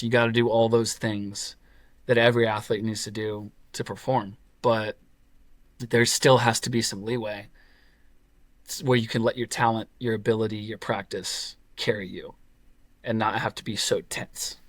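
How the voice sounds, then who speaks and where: A man's voice: fairly low pitch, flat delivery, moderate pace, dry recording. A man in his twenties telling a story casually, with fillers and quoted voices. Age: 20s. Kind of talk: casual chat.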